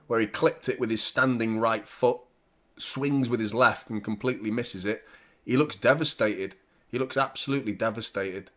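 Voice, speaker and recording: A young man hosting a live football watchalong, chatting casually with viewers and shouting out at big moments. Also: fairly low pitch, moderate pace. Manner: laid-back chat that jumps to loud excited reactions. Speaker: watchalong host.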